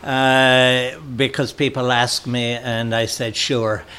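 A man's voice: mid-range voice, level tone, takes it slowly, bright, forceful tone, smooth. A middle-aged Irish man, a podcast guest, telling anecdotes in a casual chat and laughing often. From Ireland.

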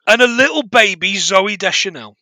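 A man's voice: sits high, expressive, moderate pace, sharp tone, no room sound. A man chatting casually as a podcast co-host, rambling with frequent laughs and restarts. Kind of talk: casual film review chat.

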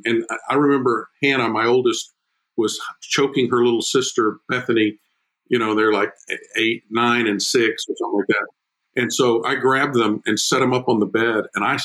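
A middle-aged man talking as a podcast guest about fatherhood, emphatic and prone to repeating words, with his pitch jumping up when he gets excited. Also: low-quality recording. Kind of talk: animated conversational podcast talk.

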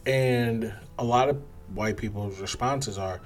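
Male podcast host, lowish voice, casual but emphatic commentary style. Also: slow pace. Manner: emphatic, conversational, acts out other people's replies.

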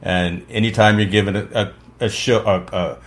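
A man with a very low voice hosts a casual interview. He talks in a halting way, doubling back and repeating words as he builds toward his questions. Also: fairly even intonation. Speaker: interview host.

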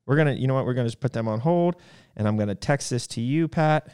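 A man's voice: medium pitch, quick pace, darkish tone, smooth. A man hosting a casual chat, running through product release dates with loose, joking asides. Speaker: host.

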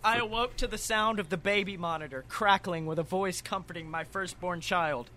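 Male podcast co-host, high and very bright voice, reads horror bits for laughs. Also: moderate pace, slight background noise. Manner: laughs often, jokey asides. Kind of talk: comedic reading of horror stories.

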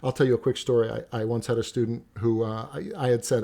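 Animated man telling teaching stories. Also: medium pitch, quick pace, vocal fry, hardly any pauses. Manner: animated, repeats words, frequent restarts. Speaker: poetry teacher. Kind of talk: storytelling in conversation.

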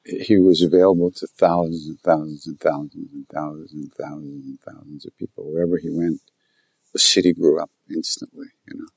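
A man telling a story in conversation, rambling and repeating himself as he gets animated. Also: rumbling low, fairly quick, creaky, breathy edge, no echo. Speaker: guest telling stories about his teacher.

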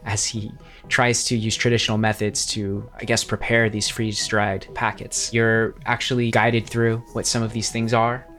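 A man's voice: on the low side, level tone, moderate pace, a bit bright, faint music behind. A man narrating a tabletop game as game master, descriptive and wry.

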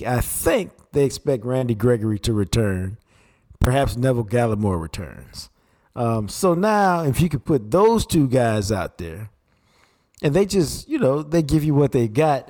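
A man co-hosting sports talk, breaking down football and chatting about sponsors in a steady, conversational way. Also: mid-range voice. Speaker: sports radio co-host. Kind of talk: casual football analysis.

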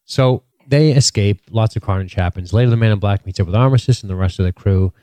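A man's voice: lowish voice, fast, dark tone, no echo. A man co-hosting a podcast, summarizing the plot of a TV episode in a dry, joking way. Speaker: podcast co-host. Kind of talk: casual TV recap chat.

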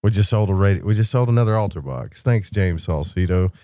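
A man's voice: on the low side, fairly quick, heavy background noise. A man hosting a late-night open-lines radio show, telling rambling stories in a loose, casual way. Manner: rambling, loose storytelling with fillers.

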